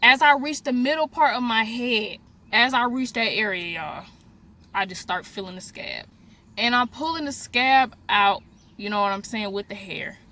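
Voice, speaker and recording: A young woman vlogger telling a story in a casual, animated way, speaking straight to her viewers. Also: on the high side, moderate pace. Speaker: beauty vlogger. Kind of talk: storytime vlog, casual chat.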